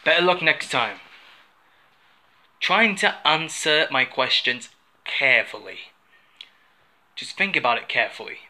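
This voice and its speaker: A man playing a stern police officer who questions a suspect slowly and insistently, repeating his questions. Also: medium pitch, very animated, bright, forceful tone, exaggerated voice.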